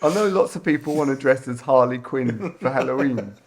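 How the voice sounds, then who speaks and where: A man's voice: mid-range voice, lively intonation, fairly quick, creaky. A man co-hosting a podcast, playful and giggly in casual chat. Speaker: podcast co-host.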